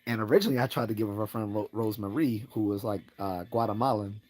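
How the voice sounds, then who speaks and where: A man's voice: quick pace, a little mellow. A man hosting a livestream, telling a rambling personal story in a casual way, laughing often and raising his voice to act out what people said. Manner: rambling, laughs often, acts out quoted lines in a higher voice. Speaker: livestream host.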